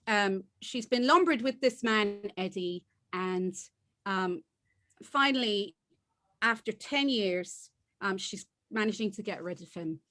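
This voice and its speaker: A woman novelist chatting on a video call, excitable and self-deprecating. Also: mid-range voice, slow pace. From Ireland and Canada. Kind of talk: casual chat on a video call.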